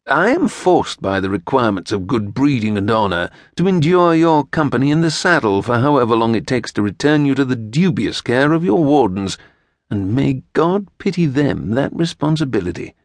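A man voicing a stern, fussy gentleman who speaks in a dry, clipped, pompous way. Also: mid-range voice, big pitch swings, normal speed, no room sound. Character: stern, fussy tall gentleman rider, sardonic.

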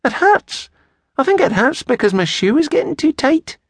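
Male reader doing a bold little girl, high and lively, dry booth sound. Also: normal speed, no echo, heavily acted. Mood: questioning. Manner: chirpy, questioning. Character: spirited little Scottish girl, curious and bold.

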